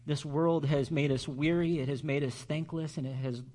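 Male pastor, sermon, earnest preaching, slightly higher voice, slows for emphasis. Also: steady tone, mellow.

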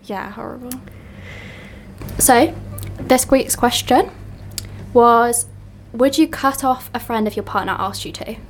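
A woman's voice: fairly high pitch, takes it slowly, slight background noise. Upbeat woman podcast co-host. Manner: enthusiastic, agreeable, laughs a lot. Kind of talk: casual chat.

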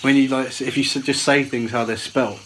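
A man's voice: medium pitch, steady tone, a little fast, fairly bright tone, poor audio. Man, podcast co-host, casual chat, teasing, faint cricket and insect noise. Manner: teasing, laughs often.

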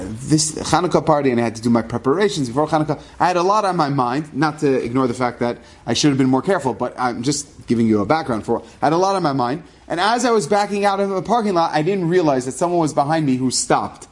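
A middle-aged rabbi telling a personal story in a lively way, sprinkling Hebrew terms into his English. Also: fairly high pitch.

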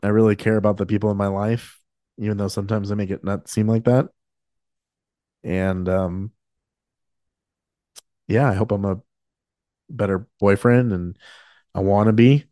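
Emotional and choked up, the same late-twenties podcast host rambles candidly and casually, full of fillers and restarts. His lowish, dark voice keeps a steady tone at a moderate pace and pauses often, in studio-quality audio without room sound.

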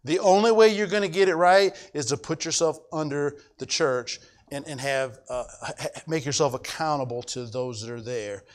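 A man's voice: fairly high pitch, normal speed. A middle-aged male pastor preaching a sermon emphatically, repeating his points and checking that the congregation follows. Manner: emphatic, repetitive, asks the congregation if they follow.

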